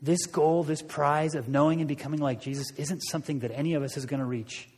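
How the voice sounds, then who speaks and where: Higher-voiced man preaching in a reverberant hall. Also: fairly even intonation, fast talker, darkish tone, slightly rough. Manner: conversational storytelling, frequent restarts. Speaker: pastor. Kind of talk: sermon.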